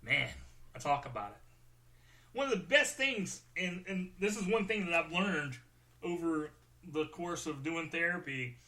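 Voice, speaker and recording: A man's voice: on the high side, animated, measured pace, bright, forceful tone. A man hosting a show, talking candidly about his feelings and joking at his own expense while close to tears. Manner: candid, joking, self-deprecating. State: tearful. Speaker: podcast host. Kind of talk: personal monologue.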